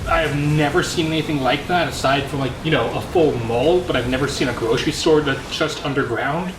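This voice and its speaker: A man's voice: fairly high pitch, fairly quick, reverberant, noisy background. A man from Canada hosting a casual movie review, rambling and correcting himself with jokey asides.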